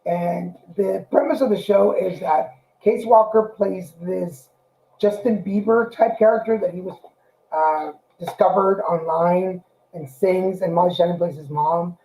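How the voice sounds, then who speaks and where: A man with a high-pitched but mellow voice speaks in a relaxed, slightly hesitant way as a co-host. The recording sounds roomy and echoey. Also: unhurried. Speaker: podcast co-host. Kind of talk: casual chat, show recommendation.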